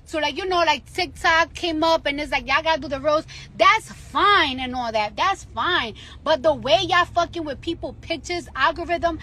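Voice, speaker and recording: A woman's voice: very high-pitched, normal speed, bright, forceful tone. A woman in a heated, profane rant, repeating herself and swearing freely. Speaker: rapper ranting on social media. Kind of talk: angry rant in a clip.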